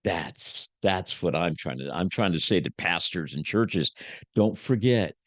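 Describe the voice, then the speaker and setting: Low-voiced and unhurried, this man in his seventies appears as a guest preacher on a podcast. He talks with sermon-like fervor, going loud then soft, and there's no echo.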